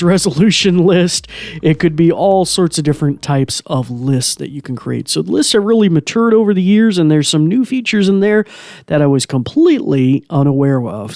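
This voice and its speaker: In a dry recording, a slightly mellow, fairly high male voice hosts a podcast. He's an assistive technology instructor who keeps the talk chatty, full of fillers and frequent laughs.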